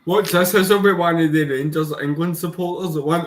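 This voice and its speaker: A Scottish man co-hosting a live football watch-along, animated and prone to shouting at the match. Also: on the high side, brisk, a little hiss or hum. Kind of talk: casual live match chat.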